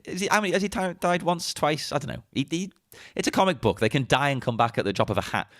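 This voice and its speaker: A man's voice: a little high, animated, fast, a bit bright, no room sound, clean studio sound. A man co-hosting a podcast, talking about a film with wry, playful, mock-serious humor. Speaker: podcast co-host. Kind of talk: casual film chat.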